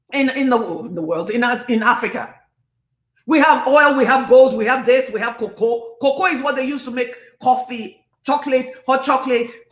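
A woman from Nigeria, hosting an impassioned live-stream monologue, her voice rising to yelling when passionate. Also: sits high, roomy sound. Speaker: host.

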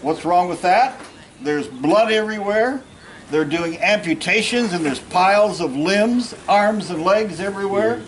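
Poor audio with a little hiss or hum captures a man whose expressive voice sits high and moves unhurriedly. A historical reenactor at an outdoor park event, he plays a plainspoken Union general, telling first-person war stories with folksy humor and bantering with the audience.

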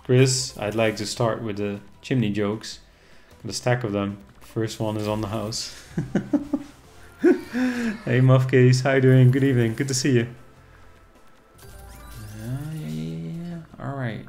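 Male streamer, unhurried and gravelly, loose live commentary with chat banter. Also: medium pitch, fairly even intonation, a little mellow, soft background music. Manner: chatty, reacting to the game and reading chat. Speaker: casino streamer.

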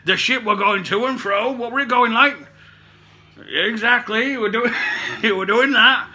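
A man's voice: very high voice, unhurried, pushed and bright. A man with a mixed Cockney and Somerset accent, telling a rambling comic story in character as a puppet-show host, correcting himself and swearing. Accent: mix of Cockney and Somerset. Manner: rambling, self-correcting, swearing, laughing at own jokes.

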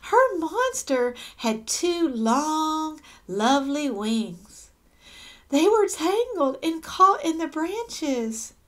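A woman reads a children's picture book aloud in an unhurried, high voice. Her pitch swoops up and down as she lingers over each line. She breaks off for gasps and small asides to her listeners. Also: big pitch swings. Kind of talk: read-aloud storytelling.

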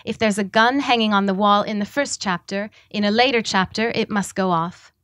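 A woman reading the lines of a frail elderly male writer, gentle and teasing. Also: mid-range voice, normal speed, dry recording, clean studio sound, lightly acted. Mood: tender.

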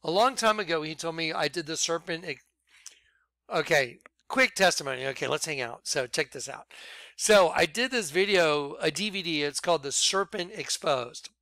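A man giving an excitable, rambling personal testimony about his ministry, bursting into shouts. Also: fairly high pitch, moderate pace, dry recording. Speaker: ministry leader.

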